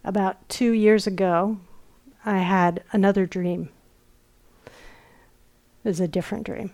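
A middle-aged woman giving a dharma talk in a retreat hall, speaking very slowly and unhurriedly. Her pitch sits in an ordinary middle range. She tells stories gently and sometimes slips into soft, whispered asides. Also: fairly even intonation. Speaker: meditation teacher. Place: retreat center meditation hall.

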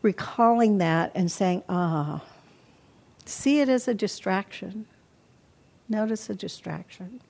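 An older woman teaching meditation in a calm, reflective dharma talk, often acting out her own inner self-talk. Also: mid-range voice, slow pace, creaky, long pauses. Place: meditation hall.

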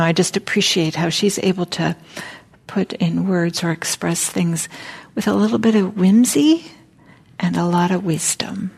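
A woman meditation teacher gives a dharma talk, her words soft and halting and often close to a whisper. Her voice sits fairly low with a gravelly, husky texture. She speaks at a meditation center.

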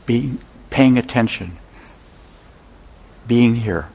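An older man giving a dharma talk as a meditation teacher, an unhurried storyteller who pauses often. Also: medium pitch, gravelly, darkish tone, husky. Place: meditation center hall.

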